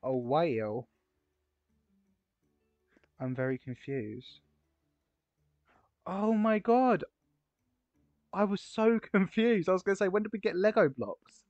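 A man giving casual, excitable gameplay commentary, gushing over builds with gasps and exclamations. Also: high voice, takes it slowly, pauses often, dry recording. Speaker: game video creator touring player builds. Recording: slightly dull, lo-fi recording.

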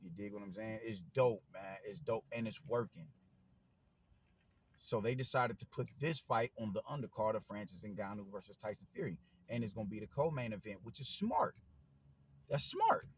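A man, giving a casual opinion monologue as a boxing commentator, animated and slangy, swearing and repeating himself. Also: fairly low pitch, moderate pace, slight background noise, poor audio.

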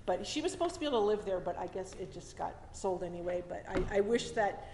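A woman's voice: medium pitch, lively intonation, fast talker, a little mellow, a little hiss or hum. A woman telling a personal story live on stage, chatty and emotional, with laughing asides and frequent restarts. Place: arts center hall at a story slam. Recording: echoey hall with long reverb.

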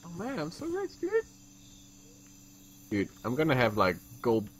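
A man's voice: medium pitch, huge pitch swings, measured pace, breathy edge. A man chatting casually while gaming, playful, often laughing and tripping over his words. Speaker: gamer.

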